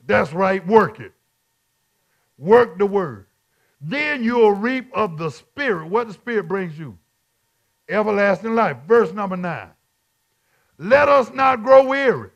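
A man preaching at Bible study as a bishop, repeating his lines in call-and-response and swinging from quiet talk to shouts. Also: high-pitched, expressive, a little slow, pauses often, lo-fi sound.

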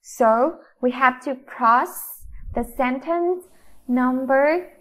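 A Vietnamese-accented woman teaching English to children, her voice sitting a touch high. She talks slowly and deliberately, spelling out each step of the lesson. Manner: slow, deliberate, instructive.

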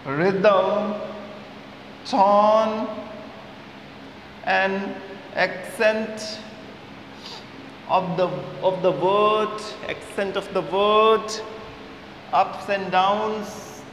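A man teaching an English lesson in Indian English, speaking slowly and emphatically and repeating key words for his students. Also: high voice, steady tone, a bit bright. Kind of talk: classroom video lesson. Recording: echoey room with faint hiss.

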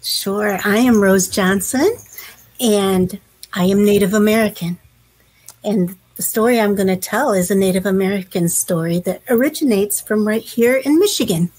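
A woman storyteller telling a folk tale to children in a gentle, unhurried way. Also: medium pitch, poor audio.

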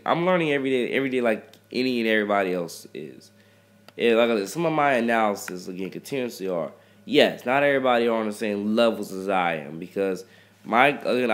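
A man giving rambling advice on love and friendship to his viewers, repeating himself and restarting often in a preachy way. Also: on the low side. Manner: addresses listeners as ladies and gentlemen. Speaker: rapper talking to viewers.

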